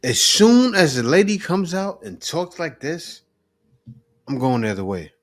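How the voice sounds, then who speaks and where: A man hosting a reaction commentary, pausing clips to lecture emphatically about relationships. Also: on the high side, very animated.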